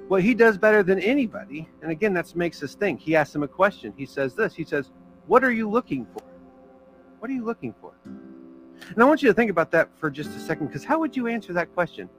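A man's voice: high voice, expressive, quick pace, faint music behind, poor audio. A man preaching a sermon as pastor, in a casual, conversational way with fillers and small jokes.

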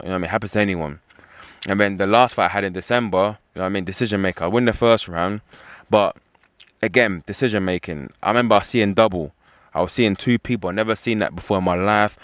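A young man, a professional fighter talking casually in an interview, fast and repetitive, often asking "you know what I mean". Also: low-pitched, fairly bright tone, no echo.

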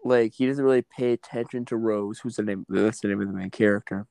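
A man's voice: fairly low pitch, fairly even intonation, a little fast, gravelly, warm tone, clean tone, dry recording. A man who acts on stage, chatting casually and teasing bluntly with a dry tone. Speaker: stage actor and podcast guest. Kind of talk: casual chat.

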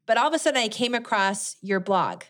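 A woman's voice: fairly high pitch, expressive, brisk, fairly bright tone. A woman hosting a casual interview, reacting to her guest and asking follow-up questions. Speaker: podcast host.

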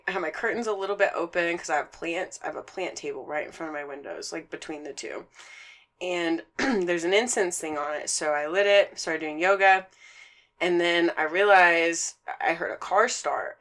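A woman's voice: fairly low pitch, moderate pace. A young woman co-hosting a podcast, telling a story in casual chat with lots of swearing and frequent laughter. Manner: profane, animated storyteller who laughs often. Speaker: podcast co-host.

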